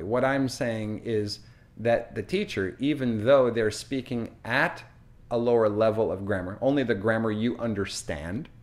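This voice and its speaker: A Canadian man with a Canadian accent, teaching English in a deliberate, chatty way with frequent fillers. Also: on the low side, a little mellow. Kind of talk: slow, clear teaching monologue.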